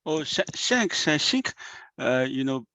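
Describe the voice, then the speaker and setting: A man's voice: medium pitch, sing-song, slow, pushed and bright, a little hiss or hum. A man chairing an online technical meeting, hesitant, with many fillers. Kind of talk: meeting discussion. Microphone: video call. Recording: dull, dry call audio.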